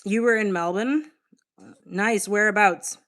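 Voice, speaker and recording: A woman's voice: medium pitch, slow pace, a bit bright. Chatty woman streamer reading chat. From Boston, United States. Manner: chatty, candid, reacts to chat messages, casual swearing. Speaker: livestream host. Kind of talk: casual livestream chat, reading comments aloud.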